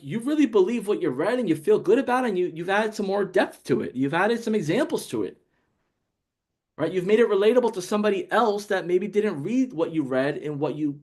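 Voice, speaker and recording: A man giving a casual motivational sales talk to camera, excitable and telling stories with acted dialogue. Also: sits high. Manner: excitable, storytelling with acted dialogue, many restarts. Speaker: sales coach.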